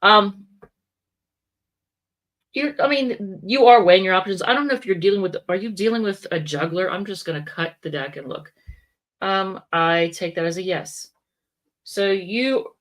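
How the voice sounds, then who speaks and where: A woman with a fairly low voice, speaking at normal speed, gives a relaxed tarot reading. Her delivery wanders, she frequently corrects herself, and she adds chatty side comments.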